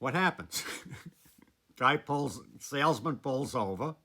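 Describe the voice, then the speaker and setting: A man telling a story about a former student in a casual, animated way, chuckling between lines. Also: medium pitch, slow.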